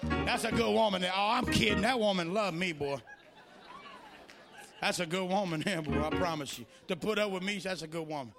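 A male preacher giving a sermon in church, moving between shouted, sing-song preaching and quieter, folksy storytelling. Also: high-pitched, normal speed, vocal fry, faint music behind, some chatter behind.

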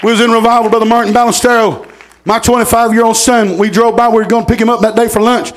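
A middle-aged man, preaching a sermon in a folksy storytelling manner, repeating words and rising to shouts. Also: extremely high pitch, level tone, fast, slight background noise.

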